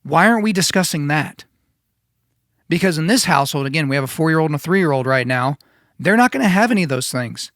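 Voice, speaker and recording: A man's voice: a little high, animated, fast talker, a bit bright, no echo, studio quality. A man in his thirties hosting a solo podcast, talking conversationally and emphatically, often repeating himself. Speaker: podcast host.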